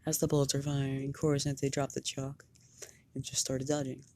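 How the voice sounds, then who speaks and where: A fan storyteller improvising a story narration, halting and often repeating words. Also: medium pitch, completely flat delivery, warm tone, slight background noise.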